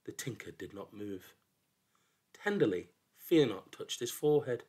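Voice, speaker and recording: A man narrating a folk tale in an expressive, dramatic storybook reading that drops into hushed lows. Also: measured pace, slightly rough.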